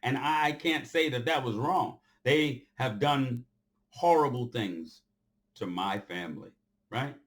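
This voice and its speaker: A man of middling pitch delivers a fired-up, unscripted lecture to his followers. He hammers home his points by repeating lines, now and then surging to loud outbursts before dropping low and quiet. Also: measured pace. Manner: forceful and preachy, repeats phrases for emphasis. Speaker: commentator addressing his followers. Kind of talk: off-the-cuff impassioned monologue.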